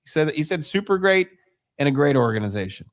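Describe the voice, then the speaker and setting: A man's voice: on the high side, very animated, fast. A man co-hosting a sports talk show, wry and teasing, often reading quotes aloud.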